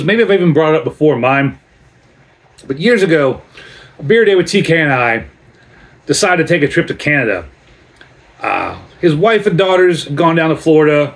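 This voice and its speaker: A man with a slightly high voice talks through a beer tasting in a relaxed vlog. He rambles and digresses into long stories, chatty and unhurried, before coming back to the beer. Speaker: beer reviewer. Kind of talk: casual beer review vlog.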